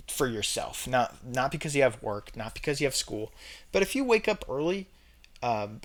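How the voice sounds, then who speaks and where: A man's voice: mid-range voice, fairly bright tone. A young man talking straight to camera in a casual opinion vlog, emphatic and repeating his points with chatty fillers. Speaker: vlogger ranking red flags.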